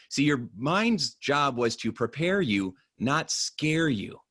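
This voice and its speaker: A man giving a motivational presentation in a conversational, energetic way, with lively storytelling. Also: medium pitch, slow, husky, no room sound, clean studio sound. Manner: energetic, conversational, animated in stories. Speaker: motivational speaker.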